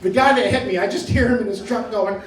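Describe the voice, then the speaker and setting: High-voiced man telling stand-up stories. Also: fast, very noisy. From Maine, US. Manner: rambling storytelling, self-deprecating. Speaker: stand-up comedian. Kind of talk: stand-up comedy set. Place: comedy club stage. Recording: echoey room from a distance. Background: audience laughter.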